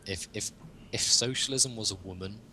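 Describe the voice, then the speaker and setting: A man co-hosts a casual podcast chat, rambling along with jokes and chuckles. His voice sits fairly low but sounds bright and forward. A faint noise floor runs underneath. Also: normal speed. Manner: rambling, jokey, chuckles often. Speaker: podcast co-host.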